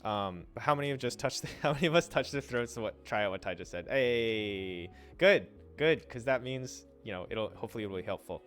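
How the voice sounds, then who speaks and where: A young man casually explaining Japanese pronunciation on a livestream, trailing off, restarting and sounding out syllables slowly. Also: medium pitch, lively intonation, a bit bright, faint music behind. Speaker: streamer teaching Japanese.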